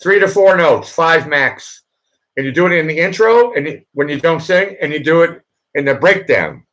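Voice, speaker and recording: A man's voice: fairly high pitch, lively intonation, moderate pace, a bit bright, poor audio. A man hosting a live chat show, talking bluntly and insistently and often repeating himself. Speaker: livestream host.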